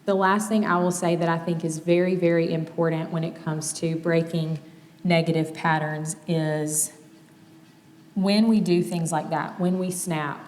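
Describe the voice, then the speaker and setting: Woman speaking in a reverberant hall. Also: low-pitched. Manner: conversational, plainspoken, gently quotes examples. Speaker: speaker giving a talk on family communication.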